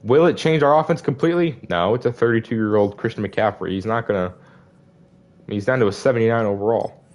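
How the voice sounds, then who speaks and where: A man's voice: fairly low pitch, fairly quick, a little mellow, dull audio. A young man giving casual gameplay commentary, frustrated and disappointed as he rambles through season stats. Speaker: gaming video creator.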